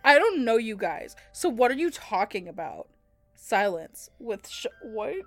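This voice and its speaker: A young woman reads fan fiction aloud for a comedy podcast and keeps breaking into giggles. Her voice sits fairly high, and she takes her time with each line. The sound is close and dry, with faint music underneath. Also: very animated, a little slow, a bit bright, no echo.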